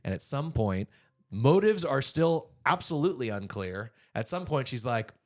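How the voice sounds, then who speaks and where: A man's voice: mid-range voice, moderate pace. A man co-hosting a comedy podcast, chatting casually and joking, with frequent playful asides. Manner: animated, jokey, slips into silly impressions. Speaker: podcast co-host.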